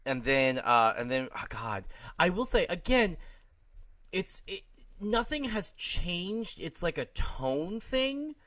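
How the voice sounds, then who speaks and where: A man co-hosting a podcast in a casual chat reviewing a TV episode, animated and halting, swearing and laughing often. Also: high-pitched, no echo. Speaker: podcast co-host.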